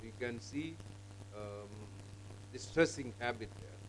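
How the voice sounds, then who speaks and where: A man demonstrating teaching software, explaining in a halting way with fillers and restarts. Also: mid-range voice, a little hiss or hum, low-quality recording. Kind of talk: live classroom software demonstration.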